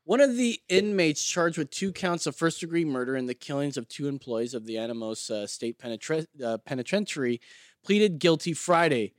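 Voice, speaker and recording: A man's voice: on the high side, expressive, normal speed, dry recording, studio quality. A man hosting a crude casual podcast, joking, swearing and stumbling while reading aloud. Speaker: host.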